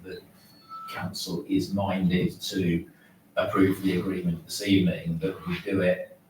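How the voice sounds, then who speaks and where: Male councillor, deep and measured; distant mic in a reverberant chamber. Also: little pitch movement, a little mellow, a little hiss or hum. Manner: measured, hesitant restarts. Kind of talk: council meeting debate. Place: council meeting room.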